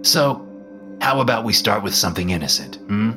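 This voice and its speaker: A man voicing Lucifer, a smug and mocking male devil who speaks calmly and knowingly in a horror story reading. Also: on the low side, moderate pace, music in the background, pitched above the performer's own voice.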